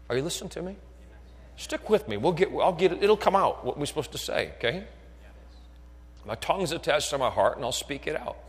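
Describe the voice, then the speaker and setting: A man's voice: medium pitch, slightly rough. Preaching man in an echoing hall. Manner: builds from quiet talk to shouted fervor; asks the crowd if they are listening. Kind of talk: sermon. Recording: long echo of a hall.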